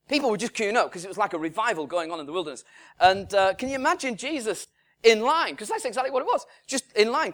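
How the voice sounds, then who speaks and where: A middle-aged pastor with a voice that sits high preaches a sermon conversationally. He acts out little dialogues and drops into hushed tones.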